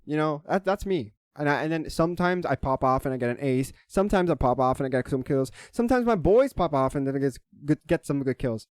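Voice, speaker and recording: Young male vlogger, heated swearing rant, slightly high voice, dry home mic. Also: animated, fast, hardly any pauses, a little mellow, dry recording. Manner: heated, swearing, repetitive restarts. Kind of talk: casual ranting monologue. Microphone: desk microphone.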